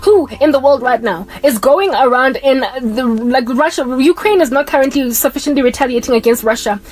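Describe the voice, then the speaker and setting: A woman speaks in a rapid, emphatic rush. She delivers an impassioned religious monologue in a raised, preachy voice. Faint music plays underneath. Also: high-pitched, darkish tone. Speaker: Christian vlogger.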